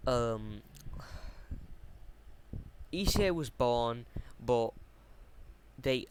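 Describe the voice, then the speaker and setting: Hesitant man, slow and halting. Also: medium pitch. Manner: hesitant, full of ums and self-corrections. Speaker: fan fiction storyteller. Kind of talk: casual unscripted plot explanation. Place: warm room at home. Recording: steady fan noise at home.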